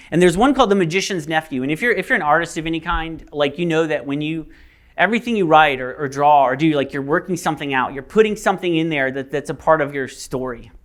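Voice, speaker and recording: A man's voice: on the high side, fairly bright tone. Casual storytelling male pastor. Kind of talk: sermon.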